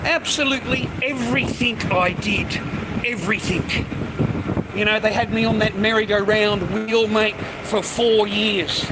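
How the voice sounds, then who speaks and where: Aussie vlogger, middle-aged man, high pitch, aggressive repetitive profane rant, noisy street recording with vehicles. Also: fairly even intonation, measured pace. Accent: Australian. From Australia. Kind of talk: profane ranting monologue.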